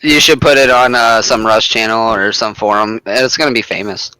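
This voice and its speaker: A man's voice: lowish voice, steady tone, normal speed, bright, forceful tone, rough recording. A young man telling a crude, boastful story over game voice chat, laughing as he goes. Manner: boastful, vulgar, laughing through his story.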